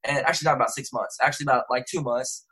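Fast-talking young man telling a story. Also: mid-range voice, sharp tone, husky, poor audio. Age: young adult. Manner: rambling, self-correcting, slangy. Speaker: interview guest, rapper. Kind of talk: casual storytelling.

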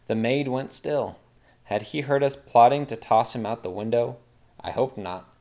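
A man tells a comic fantasy story aloud with wry, dramatic flair. His voice sits low. The reading is a scripted narration. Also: unhurried, a little mellow.

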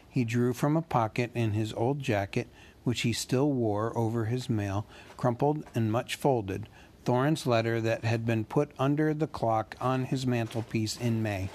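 A man reading a novel aloud in a steady, measured way. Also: mid-range voice. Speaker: reader.

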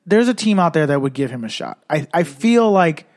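A man's voice: fairly high pitch, sing-song, a little fast, a little mellow. A man co-hosting a casual sports podcast, rambling and swearing, with many restarts, after some drinking. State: been drinking. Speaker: podcast co-host.

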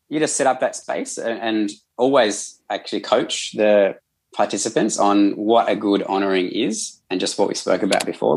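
On a podcast, an Australian counsellor explains his work thoughtfully and earnestly in a casual conversational interview. His voice is lowish, with vocal fry.

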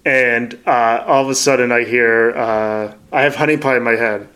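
A man's voice: medium pitch, fairly even intonation, normal speed, bright, forceful tone, clean tone. A man co-hosting a podcast in casual chat, rambling through anecdotes and laughing often. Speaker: podcast co-host.

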